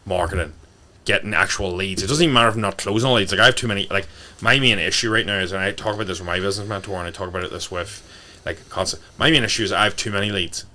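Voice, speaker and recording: A man's voice: lowish voice, racing, pushed and bright. A man, a fitness coach guesting on a podcast, talking bluntly and swearing freely. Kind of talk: casual podcast talk.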